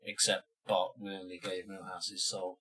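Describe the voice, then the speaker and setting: A man's voice: deep voice, little pitch movement, normal speed, bright, forceful tone, husky. A man co-hosting a casual film podcast, dropping dry, jokey asides. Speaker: podcast co-host.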